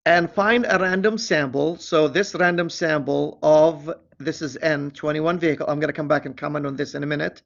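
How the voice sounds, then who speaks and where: In a screen-recorded statistics walkthrough with lo-fi sound, a man with a slightly high, fairly bright voice and some vocal fry keeps a steady tone. He deliberately reads the problem aloud and corrects himself with asides as he goes.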